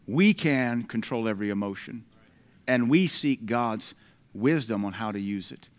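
A man, preaching a sermon and swinging between loud declarations and quiet asides. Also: on the low side, expressive, a little slow. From United States.

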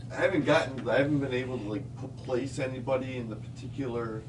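A man speaks in hesitant, halting phrases during a casual chat. His voice sounds distant, as though he sits well away from the microphone. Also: medium pitch, music in the background. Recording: voice distant from the mic.

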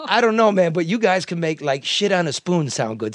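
A man from the US Midwest hosting a podcast, talking loudly and profanely, joking and restarting sentences a lot. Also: sits high, sing-song, fairly quick. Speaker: podcast host. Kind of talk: casual chat.

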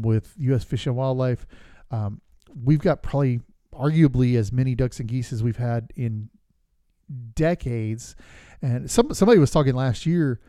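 Guy on his podcast, warm low-key voice, dry sound, lots of ums and restarts. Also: dry recording. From Florida. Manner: conversational, opinionated, with fillers and restarts. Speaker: podcast host. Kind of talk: casual advocacy talk.

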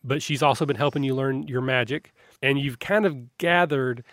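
A man narrating a tabletop role-playing game as game master, describing scenes in a relaxed, rambling way. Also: mid-range voice, moderate pace, no room sound, clean studio sound. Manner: descriptive, relaxed, with frequent restarts.

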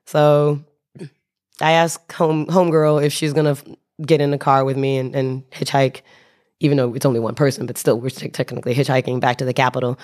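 A man's voice: medium pitch, level tone, fairly quick, a little mellow. A man telling a rambling, wry travel anecdote in casual speech, often restarting his sentences and briefly acting out other people's voices. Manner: rambling, self-correcting, wry, acts out voices. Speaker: storyteller.

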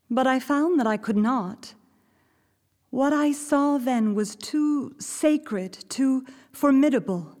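A woman reading a diary excerpt aloud as scripted podcast narration, slow, measured and reverent. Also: high-pitched, darkish tone, big-room sound. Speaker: podcast reader.

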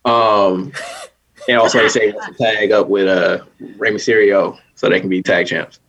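A man's voice: on the low side, steady tone, moderate pace, fairly bright tone, highs cut off, a little hiss or hum. Easygoing man on a podcast. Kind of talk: casual chat.

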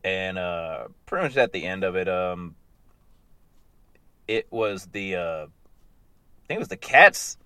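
A man casually recapping animated episodes in a loose, rambling way, chuckling as he goes. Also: lowish voice, smooth, no echo.

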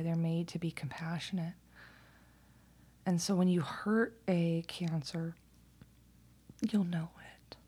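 A woman with a deep, low-pitched voice talking in a loose, casual monologue. She is candid and blunt, swears freely and laughs often. Now and then she sinks to a near whisper. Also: dark tone, slightly rough.

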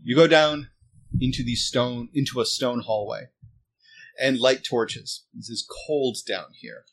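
A man running a tabletop game as game master, setting scenes slowly and deliberately. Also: medium pitch, gravelly, a little hiss or hum.

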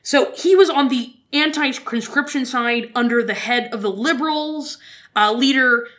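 A woman from Alberta tells history on a podcast in a lively, joking way. Her voice is bright and sits a little high, and she tosses in quick asides. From Canada, Alberta. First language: French. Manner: animated, jokey storytelling, quick asides. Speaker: podcast co-host. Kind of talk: casual history chat.

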